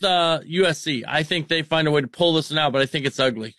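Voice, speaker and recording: Higher-voiced man picking games on sports radio. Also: fast talker, a bit bright, no echo, studio quality. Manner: laughs easily, joking. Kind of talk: casual sports picks chat. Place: radio studio.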